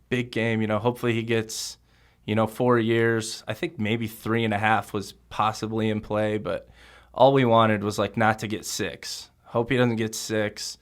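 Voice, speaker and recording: A young man who is a guest on a podcast, recounting memories haltingly with lots of "you know," "like" and "bro.". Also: lowish voice. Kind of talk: conversational podcast interview.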